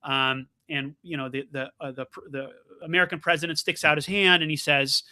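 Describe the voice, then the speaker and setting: Brief: male debate co-host, high voice, excitable storyteller who stumbles and restarts. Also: a little fast. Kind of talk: animated debate banter.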